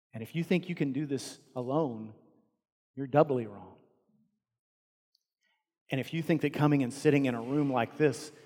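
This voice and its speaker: Male pastor, sermon, loud then hushed, slightly high voice, long reverb in a large hall. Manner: impassioned, swings from loud to hushed. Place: church auditorium.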